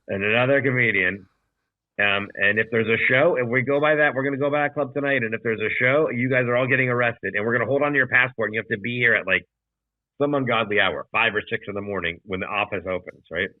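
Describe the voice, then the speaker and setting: A man's voice: medium pitch, quick pace, no echo. A man, a comedian co-hosting a podcast, telling a rambling, profane anecdote in casual chat over a video call. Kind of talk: casual storytelling. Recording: dry tinny video call audio.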